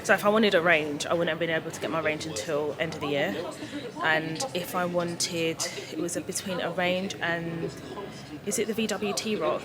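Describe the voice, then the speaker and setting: A woman chatting to camera as a vlogger at a car dealership, in a rambling, excitable way. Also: on the low side, normal speed, over a noisy crowd. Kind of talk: casual chat to camera.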